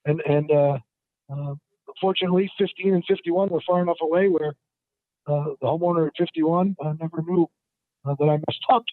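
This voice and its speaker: A man tells stories as the guest in a casual interview. He rambles, restarts, and fills pauses as he goes. His fairly high voice comes through a dry, tinny phone line. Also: steady tone, no room sound. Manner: rambling, many fillers and restarts; acts out the people in his stories in a higher voice. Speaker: guest appraiser.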